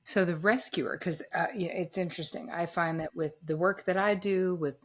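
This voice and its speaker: Low husky woman hosting a podcast. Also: steady tone. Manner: thoughtful, halting, restarts phrases. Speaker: podcast host, therapist. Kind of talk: casual podcast interview.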